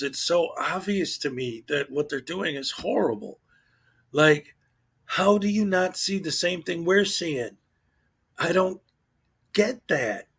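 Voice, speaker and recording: A man's voice: on the high side, a bit bright, breathy edge. A man hosting his channel, talking in casual commentary with an exasperated tone, often repeating words and restarting sentences. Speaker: channel host.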